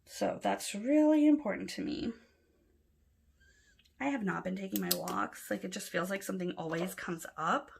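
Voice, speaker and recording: A woman's voice: medium pitch, moderate pace, gravelly, a little hiss or hum. A woman from Los Angeles with a Los Angeles accent, chatting casually and rambling a little while she fills in her planner. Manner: chatty, rambling, soft-spoken with filler words. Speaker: planner vlogger. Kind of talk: casual plan-with-me chat.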